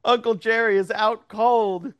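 A man's voice: sits high, steady tone, a little slow, smooth. A man improvising a goofy story as a game host, laughing often and rambling with fillers. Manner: giggly, rambling, puts on silly voices.

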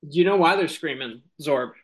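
High-voiced man rambling through a comic story. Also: expressive, fairly quick. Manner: rambling, giggly, many fillers. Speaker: improv storyteller.

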